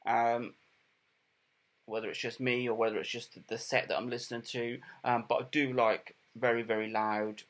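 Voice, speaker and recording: A middle-aged man giving a casual product review, plain and unhurried, with many ums and repeated words. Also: medium pitch, flat delivery. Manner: plain, unhurried and matter-of-fact.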